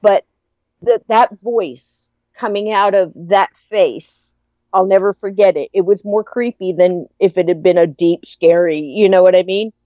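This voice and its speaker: A woman's voice: medium pitch, a little slow, dry recording. Woman telling a story, dry and muffled. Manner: animated, laughing storyteller. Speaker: podcast guest. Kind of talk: casual storytelling chat.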